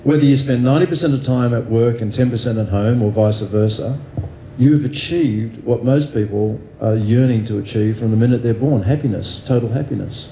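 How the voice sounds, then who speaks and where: A man's voice: medium pitch, moderate pace, dark tone, reverberant, a little hiss or hum, rough recording. An Australian man speaking as an interview guest, candid and self-deprecating, thinking aloud with fillers and restarts. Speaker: guest neurosurgeon.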